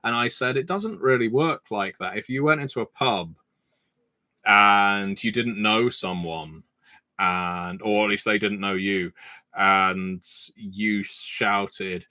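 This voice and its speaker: A man's voice: on the low side, slow pace, sharp tone, no room sound. Chatty male streamer, dry close sound. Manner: chatty, anecdotal, frequent filler "uh". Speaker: game designer hosting a livestream Q&A. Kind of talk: casual livestream chat reading viewer comments.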